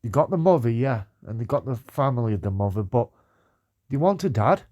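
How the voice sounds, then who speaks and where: A man's voice: mid-range voice, sing-song, a little fast, dark tone. A man with an everyday mid-range voice lectures another streamer earnestly. He pleads and repeats himself, tacking "mate" onto almost every line. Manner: pleading, says "mate" again and again. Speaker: livestream commentator.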